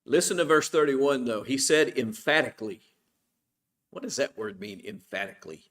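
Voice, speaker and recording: A man's voice: medium pitch, animated, normal speed, fairly bright tone. A middle-aged man teaching an informal Bible study class at church. He asks the class questions and then answers them himself.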